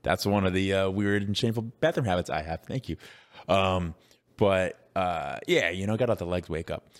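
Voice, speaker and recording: A man's voice: low voice, moderate pace. A man co-hosting a casual podcast chat, rambling with many fillers and restarts and laughing easily. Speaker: podcast co-host.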